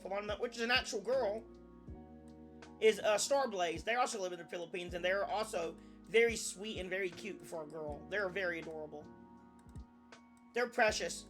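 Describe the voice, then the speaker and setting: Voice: medium pitch, normal speed, a bit bright, faint music behind. A young adult VTuber chatting casually on a live stream, rambling, often restarting sentences and swearing now and then.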